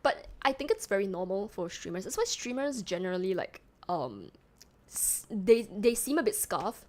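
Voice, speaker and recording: A woman's voice: mid-range voice, very animated, moderate pace. A young woman from Singapore with a toned-down Singaporean accent, chatting casually on a live stream, rambling and self-mocking as she reads chat aloud. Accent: Singaporean English, toned down.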